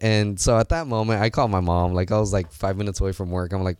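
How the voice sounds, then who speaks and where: A man in his late twenties talks through his thoughts in a relaxed interview, his voice sitting on the low side. He rambles earnestly, restarting sentences and filling pauses as he goes. The sound is dry and close, with almost no room echo. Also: smooth. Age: 20s. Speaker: guest, seminar organizer. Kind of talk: casual interview talk.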